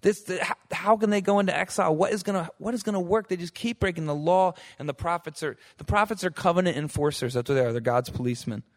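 A young man gives a casual Bible lesson to a group. He talks loosely, full of "like" and "right?", and slips into quick acted voices for the people in the stories. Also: sits high. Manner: animated, acts out quotes with voices; fillers like "like" and "right?". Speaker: bible teacher.

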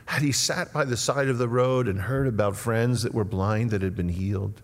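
A man preaching a sermon and telling the story dramatically, moving between loud cries and hushed tones. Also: mid-range voice, moderate pace, few pauses. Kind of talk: expository sermon. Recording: long reverb of a large hall.

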